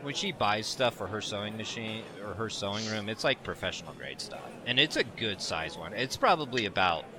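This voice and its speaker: A man co-hosting a podcast, telling a story in a casual, animated way and laughing often. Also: fairly low pitch, a little fast, hardly any pauses, crowd noise. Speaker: podcast co-host.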